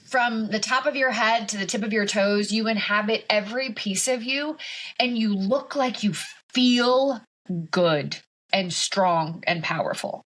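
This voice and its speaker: A woman's voice: medium pitch, unhurried, fairly bright tone, low-quality recording. A woman hosting a podcast, asking questions and affirming her guest in an encouraging way. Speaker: podcast host. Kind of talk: conversational interview.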